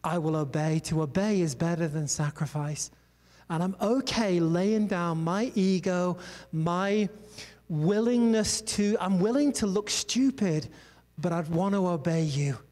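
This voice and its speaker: A man's voice: high-pitched, unhurried, a little mellow. A man preaching a sermon in a conversational, storytelling way, full of asides. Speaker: pastor. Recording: long hall reverb.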